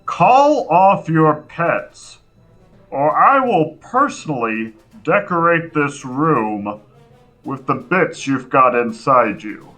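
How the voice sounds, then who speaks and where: A man voicing a male barbarian warrior, slow and threatening. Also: fairly high pitch, very animated, sharp tone, faint music behind, full character voice.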